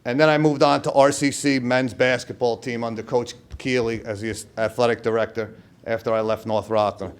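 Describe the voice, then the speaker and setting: A middle-aged man giving a hall of fame acceptance speech, telling stories and acting out what his old coach shouted. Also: medium pitch, fairly even intonation, brisk, smooth. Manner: storytelling, acts out quoted coach with loud outbursts. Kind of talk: speech at a podium.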